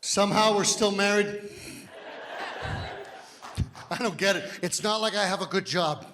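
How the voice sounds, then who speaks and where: A man in his fifties performing a stand-up comedy set, telling stories loudly and physically and shouting his punchlines. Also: high voice, unhurried. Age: 50s. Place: comedy club stage. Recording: live hall reverb with faint noise. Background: audience laughter.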